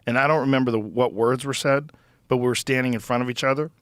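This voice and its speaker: A man from Massachusetts co-hosting a podcast, telling self-deprecating stories in casual chat with an easygoing, halting manner, recorded on a studio mic. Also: medium pitch, steady tone, no room sound. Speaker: podcast co-host.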